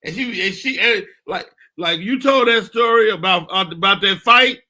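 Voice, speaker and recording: Male talk host, high bright voice, loose rambling banter. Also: moderate pace. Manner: loose, rambling, joking asides. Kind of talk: casual chat.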